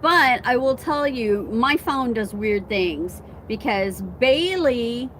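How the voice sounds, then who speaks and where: A woman's voice: fairly high pitch, expressive, slow pace, a bit bright, a little hiss or hum. A woman hosting a casual live stream outdoors on her phone, chatting with viewers and laughing often. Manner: chatty, laughs often, reads and answers comments. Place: outdoors at home, wind and chimes around.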